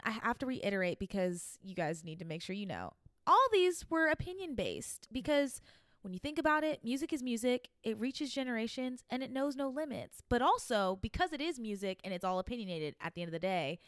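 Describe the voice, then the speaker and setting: Young woman, podcast host, chatty, animated, smooth clear voice, dry close sound. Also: fairly high pitch, a little fast, no room sound. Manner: chatty, animated, swears casually. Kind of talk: casual chat.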